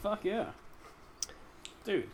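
Male co-host, lively higher voice, crude joker, noisy recording. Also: very slow. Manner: profane, joking, animated reactions. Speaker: podcast co-host. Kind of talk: casual comedic chat.

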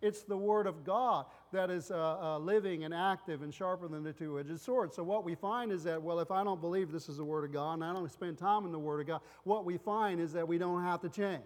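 A male pastor giving a sermon full of personal stories. He rambles and loses his place, acting out loud family voices along the way. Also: sits high, brisk, few pauses, in a large hall.

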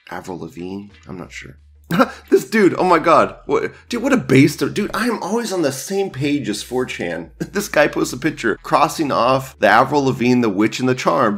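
Young guy with a low voice reading forum posts, swears a lot and keeps cracking up, faint music underneath. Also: creaky. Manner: laughs often, mocking, crude. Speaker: host reading image-board posts. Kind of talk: casual profane commentary.

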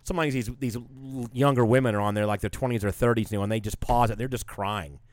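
Man, mid pitch, rambling, laid-back casual chat, dry sound. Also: steady tone, fast, no room sound.

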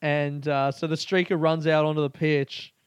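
A young Australian man with an Australian accent hosting a podcast, ranting excitably, swearing a lot and laughing often. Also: fairly high pitch, normal speed, clean tone, no room sound. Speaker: podcast host. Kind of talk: casual podcast rant.

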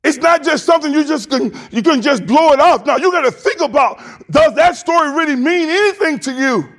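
High-voiced man preaching emphatically. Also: expressive, a little fast. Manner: emphatic, repetitive, with rising shouted climaxes. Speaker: pastor. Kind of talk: sermon.

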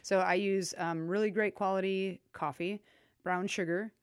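A woman sommelier co-hosting a podcast in casual chat, talking in a chatty, animated way with loose asides and laughter. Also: mid-range voice, moderate pace, clean tone, no echo, clean studio sound.

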